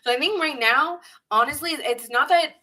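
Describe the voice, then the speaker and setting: A woman with a New York accent gives a live tarot reading, chatting loosely and greeting viewers. Her voice is bright and forceful. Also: sits high, moderate pace, low-quality recording. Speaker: tarot reader.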